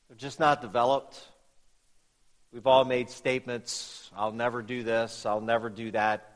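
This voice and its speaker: A pastor delivering a sermon, moving from telling a story to emphatic preaching with repeated phrases. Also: male voice, mid-range voice, fairly bright tone. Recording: long reverb of a hall.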